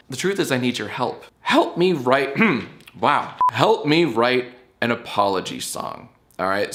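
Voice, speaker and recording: A man's voice: mid-range voice, fairly bright tone. Brash, jokey man hosting a comedy show. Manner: brash, jokey, rambling with restarts. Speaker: YouTube show host. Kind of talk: casual comedic vlog talk.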